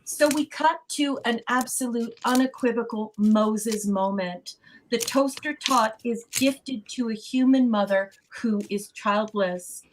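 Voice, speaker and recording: A woman with a somewhat high voice talks on a casual podcast panel. She is effusive and gushing, and she reads listener comments aloud with warm praise. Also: slight background noise.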